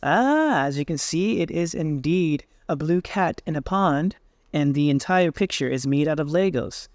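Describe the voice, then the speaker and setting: A man hosting a software tutorial, casually thinking aloud with fillers as he tries things on screen. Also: a little high, lively intonation, moderate pace, dry recording, clean studio sound. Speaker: tech tutorial host. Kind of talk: screen-recorded software walkthrough.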